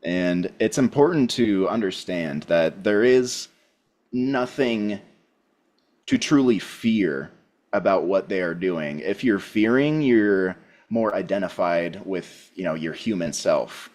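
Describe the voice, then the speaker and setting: Calm man, deep voice, unhurried, reflective podcast co-host. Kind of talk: casual spiritual podcast chat.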